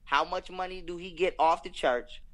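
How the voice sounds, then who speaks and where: A man's voice: high-pitched, fairly even intonation, normal speed, a bit bright. A young man, talking in an emphatic, profane, preachy rant as a podcast guest. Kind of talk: heated casual conversation.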